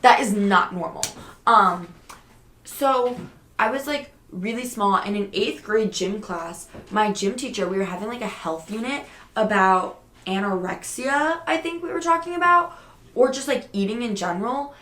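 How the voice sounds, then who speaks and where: A woman's voice: mid-range voice, lively intonation, moderate pace, a bit bright, echoey room. A young woman telling a story in a casual, chatty way, swearing often and filling her talk with "like". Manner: chatty, swears a lot, many "like" fillers. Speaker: podcast host.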